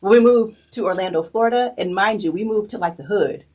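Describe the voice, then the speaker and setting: Woman, 40s, chatty interview guest, husky, slightly off-mic. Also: medium pitch, fairly quick, darkish tone, recorded from a distance. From New Jersey. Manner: chatty, laughs often. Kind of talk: casual interview chat.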